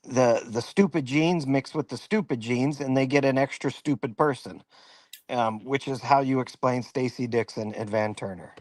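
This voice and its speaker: A man's voice: mid-range voice, moderate pace, a little mellow, no echo. A man with a mid-range voice chats casually on a live stream, plain-spoken and scornful. His recording is dry and close, with no room sound around him. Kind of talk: casual chat.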